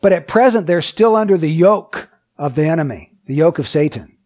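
A man's voice: fairly high pitch, animated, moderate pace, darkish tone. A man preaching a sermon. He reads scripture aloud, asks the listeners many questions, and repeats his points with emphasis. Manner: emphatic and repetitive.

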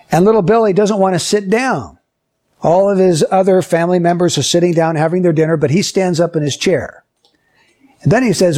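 A man's voice: fairly high pitch, darkish tone. A man teaching a Bible lesson to children, asking them questions and acting out short everyday scenes. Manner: asks the listeners questions and acts out short scenes.

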